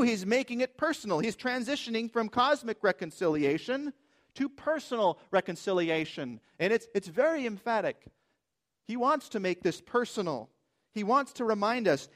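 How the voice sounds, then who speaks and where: High-voiced man preaching emphatically. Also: very animated, normal speed. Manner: emphatic preaching, rhetorical questions. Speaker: pastor. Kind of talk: sermon.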